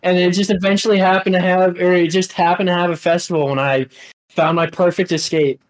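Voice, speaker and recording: A man's voice: high-pitched, level tone, poor audio. Rambling man telling a story. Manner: rambling, halting storyteller who laughs while talking. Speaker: podcast co-host. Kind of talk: casual chat.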